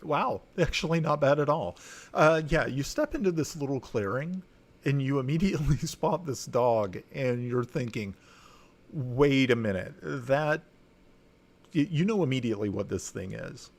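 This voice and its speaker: A man narrating a tabletop game as dungeon master, talking in a halting way with many fillers and restarts. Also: mid-range voice, lively intonation.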